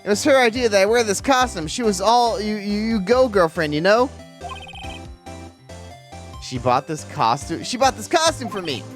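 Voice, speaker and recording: A woman's voice: medium pitch, lively intonation, normal speed, faint music behind, pitched above the performer's own voice, natural voice. A woman voicing a goofy, lovesick young man with a whiny voice.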